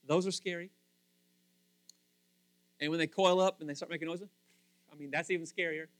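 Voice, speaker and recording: A man preaching a sermon in a lively, playful way, acting out the people he quotes. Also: on the high side, normal speed, no room sound, soft background music. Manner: animated, playful, acts out quotes in voices. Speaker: pastor.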